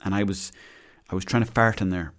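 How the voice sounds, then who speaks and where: A man's voice: low-pitched, fairly even intonation, fairly quick, fairly bright tone. An Irish man in his thirties hosting a casual solo podcast, rambling and self-mocking as he chats. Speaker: podcast host.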